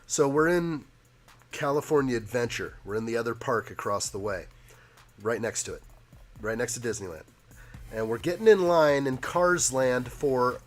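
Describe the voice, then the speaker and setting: Hoarse man chatting on a live stream. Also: medium pitch. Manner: chatty and joking, reads viewer comments aloud. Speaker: live stream host building a toy set. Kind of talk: casual live stream chat.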